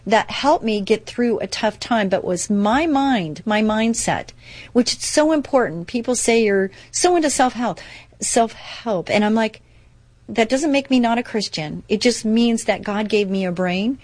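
A woman's voice: medium pitch, measured pace, a little mellow. A woman sharing a personal recovery story in a casual, earnest, upbeat way, full of fillers and restarts.

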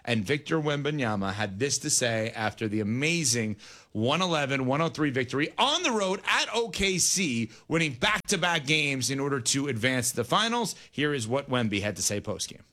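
A man hosting a sports radio show, briskly reading promos and setting up audio clips from a studio. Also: medium pitch, sing-song, bright, forceful tone.

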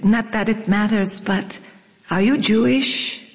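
A woman's voice: medium pitch, slow. A woman reading the part of a shy young male rabbi with a French accent, who gives brief, wry replies. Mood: dry. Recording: long reverb.

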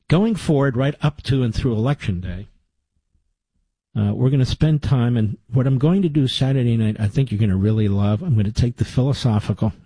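A man's voice: mid-range voice, warm tone, breathy edge, no room sound. A middle-aged man hosting a talk radio show, delivering a combative, conversational monologue with sarcastic asides into a studio microphone.

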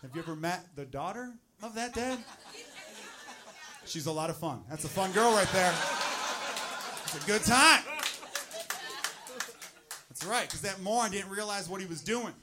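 A man's voice: high-pitched, animated, a little slow, pauses often. A man performing a stand-up set on a comedy club stage, rambling and self-deprecating. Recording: live album recording with crowd noise. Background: audience laughter.

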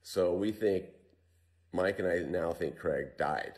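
A man being interviewed, recounting a survival story in a relaxed, storytelling way with fillers and restarts. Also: deep voice, takes it slowly. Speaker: interview guest.

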